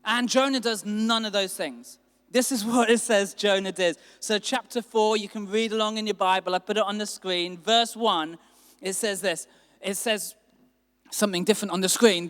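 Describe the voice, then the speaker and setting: A man preaching a sermon as a pastor, animated and acting out quotes with sudden bursts of loudness. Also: sits high, moderate pace, smooth. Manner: animated, acts out quotes with big swings in loudness. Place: church hall. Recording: long hall reverb.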